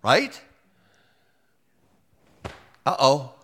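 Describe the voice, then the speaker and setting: A man's voice: medium pitch, very animated, very slow, fairly bright tone, slightly rough. Guy preaching in church, jokey folksy sermon, acts out little bits of dialogue, keeps restarting sentences. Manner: folksy and joking, acts out quotes, frequent restarts. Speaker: pastor.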